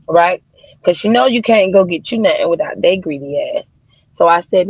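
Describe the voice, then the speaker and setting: Talking to her viewers like friends, this livestream host, an adult mother of daughters, keeps up a chatty flow packed with swearing and slang, calling them "y'all" and "child." Her lowish voice is brisk and slightly rough, and the muffled recording has no room sound.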